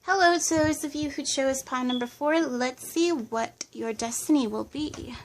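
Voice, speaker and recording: A woman with a fairly high voice talks through a tarot reading. She lists impressions as they come, pausing and hedging with plenty of fillers. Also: a little hiss or hum. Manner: hesitant, channeling impressions, many fillers. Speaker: tarot reader. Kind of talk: casual pick-a-card reading.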